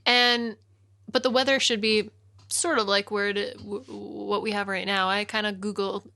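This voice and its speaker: A woman's voice: medium pitch, level tone, moderate pace, vocal fry, bright, forceful tone, a little hiss or hum. A woman co-hosting a casual podcast, chatty and rambling, who giggles often. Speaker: podcast co-host. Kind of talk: casual chat.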